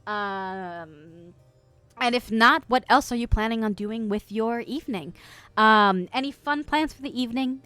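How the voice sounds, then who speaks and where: A woman's voice: medium pitch, a bit bright, smooth, no room sound. A young woman streamer, chatting casually and reading out viewer messages, laughing often and trailing off with fillers.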